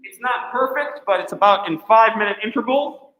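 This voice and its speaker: High-pitched guy running a class, upbeat, lots of ums, roomy echo. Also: expressive, brisk, fairly bright tone. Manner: chatty, encouraging, filler-heavy. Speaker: teacher. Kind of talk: classroom instructions.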